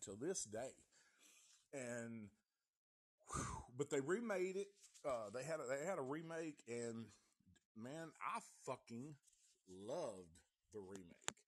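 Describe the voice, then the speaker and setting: A man's voice: a little high, breathy edge. A man giving a rambling, heavily profane review of an old horror film. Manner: profane, rambling, restarts often. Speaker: movie reviewer.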